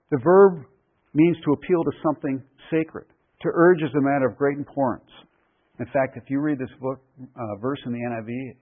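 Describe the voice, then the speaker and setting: A man preaching a verse-by-verse sermon in an emphatic, deliberate way, repeating key phrases for weight. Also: medium pitch, slightly rough. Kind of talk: expository sermon. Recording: phone-like radio broadcast.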